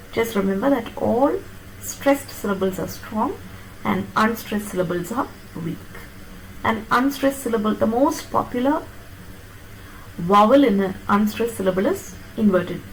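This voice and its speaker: A woman lecturing on phonetics, explaining step by step and checking that her students follow with quick tag questions. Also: mid-range voice, a little hiss or hum, rough recording. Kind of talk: classroom lecture on pronunciation.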